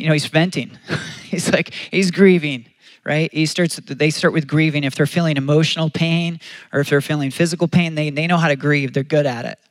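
A man's voice: fairly high pitch, fairly even intonation, moderate pace, dry recording. A man preaching a sermon as pastor, earnest and conversational, often restarting his phrases.

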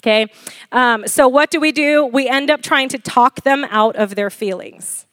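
A woman in her forties preaching a sermon, animated and laughing often as she questions the congregation. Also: high-pitched, moderate pace, no echo, clean studio sound. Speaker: pastor.

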